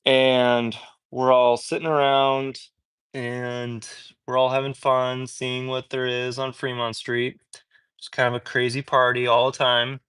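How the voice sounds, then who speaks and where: A man's voice: medium pitch, completely flat delivery, unhurried, fairly bright tone, clean tone, dry recording. A man hosting a livestream, telling a personal story in a casual, rambling way with lots of "like" and restarts. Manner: rambling, loose, full of "like" and restarts. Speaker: livestream host.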